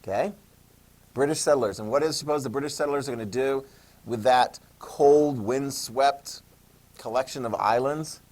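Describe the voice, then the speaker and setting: A man's voice: medium pitch, normal speed, a little mellow. A man teaching a history class, joking and checking in with questions. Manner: jokey, asks the class questions, "okay?" checks. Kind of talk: classroom lecture.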